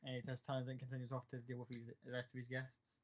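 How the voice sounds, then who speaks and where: A man's voice: medium pitch, monotone, fast talker, a little hiss or hum. Man running a tabletop game, lo-fi. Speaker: game master. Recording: dull lo-fi sound.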